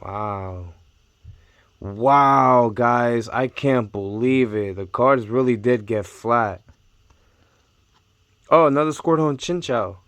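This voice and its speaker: A young man vlogging casually about his card collection, talking in excitable bursts and repeating his amazement. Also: mid-range voice, takes it slowly, pauses often, no room sound. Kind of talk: casual unboxing chat.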